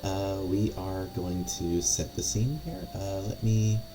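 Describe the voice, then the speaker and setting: A man with a low voice running a tabletop session, talking haltingly and filling gaps with "uh" and "like". Music plays clearly in the background of his call mic. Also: expressive. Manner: hesitant, many fillers and laughs. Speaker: game master. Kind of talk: casual stream chat.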